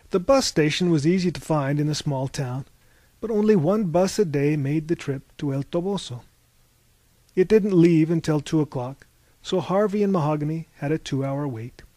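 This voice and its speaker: A man narrating a novel as an audiobook in a measured, wry storytelling manner. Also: on the high side, darkish tone, no room sound.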